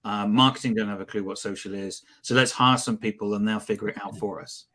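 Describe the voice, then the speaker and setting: A man's voice: fairly low pitch, steady tone, sharp tone. A man hosting a casual panel discussion, probing with questions. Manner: probing, quick-fire questions. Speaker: host.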